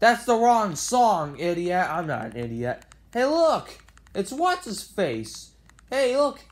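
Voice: mid-range voice, wildly swooping pitch, slow. A parody video maker giving a silly, rambling improvised voice-over, arguing back and forth with itself.

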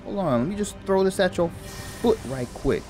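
A man commentating live on his own gameplay, excitable, repeating phrases and swearing at the enemies on screen. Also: high-pitched, fairly quick, music in the background. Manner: excitable, repeats himself, swears and laughs at the game. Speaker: gamer.

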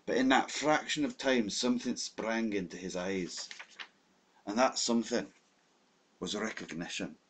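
A man reads an unabridged classic novel aloud in the first person. His voice sits fairly low. The reading is dramatic and steady. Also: unhurried, breathy edge. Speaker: audiobook narrator. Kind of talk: unabridged audiobook narration.

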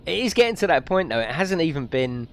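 A man streaming a driving game, chatting excitedly with viewers and reading out their comments. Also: fast, a little hiss or hum. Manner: chatty and excitable, reads out chat, lively pitch swings. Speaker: gaming streamer. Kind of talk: live let's-play commentary, chatting with viewers.

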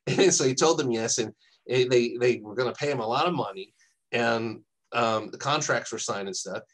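A man's voice: mid-range voice, normal speed, fairly bright tone, low-quality recording. A man co-hosting a podcast, telling a long anecdote in a casual, rambling way, often laughing and quoting people. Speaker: podcast co-host. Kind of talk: casual storytelling chat.

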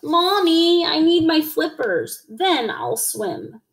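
A woman's voice: sing-song, fairly bright tone, full character voice. A woman voicing a small, stubborn boy frog who whines, in a storybook read-aloud. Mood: whiny. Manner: whiny, squeaky, drawn-out.

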